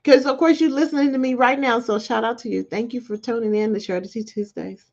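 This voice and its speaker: A woman, hosting a podcast and giving a casual, animated motivational talk with quick asides. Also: a little high. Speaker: podcast host. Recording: dull lo-fi recording.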